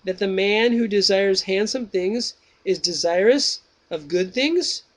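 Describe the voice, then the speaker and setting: Socrates, as a man reads him aloud, slow and lofty. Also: high voice, a bit bright, pitched above the performer's own voice. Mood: probing. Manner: slow, measured, drawn-out reading. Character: Socrates, old male Greek philosopher, patient questioner.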